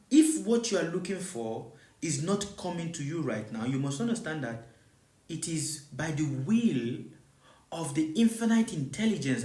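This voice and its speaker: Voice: medium pitch, darkish tone, roomy sound. A spiritual teacher giving a live teaching, repeating points and asking listeners again and again whether they understand. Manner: repeats rhetorical questions to listeners; repetitive, emphatic preaching.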